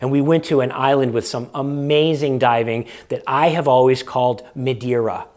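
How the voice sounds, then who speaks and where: A man's voice: medium pitch, fairly even intonation, normal speed, darkish tone. A man from New England hosting a vlog, explaining things to camera in a casual, good-humored and self-deprecating way. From New England, United States. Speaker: vlog host.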